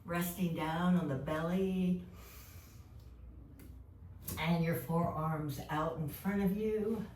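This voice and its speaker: A woman in her fifties guiding a yoga class with calm, gentle step-by-step cues. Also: on the low side, slow, pauses often, slight background noise. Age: 50s. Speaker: yoga instructor. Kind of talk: guided yoga class instruction. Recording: echoey room, mic far off.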